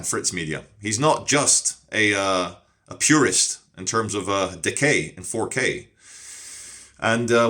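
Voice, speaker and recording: An English man telling street stories to camera in a casual, animated monologue, swearing freely. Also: on the low side. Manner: animated storyteller who swears a lot. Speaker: street streamer.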